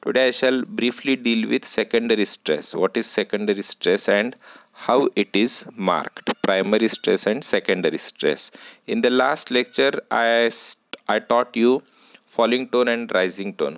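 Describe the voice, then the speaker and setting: A man giving a university lecture, explaining slowly and deliberately with frequent pauses. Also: mid-range voice, fairly bright tone, clear, resonant tone, poor audio. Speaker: English lecturer.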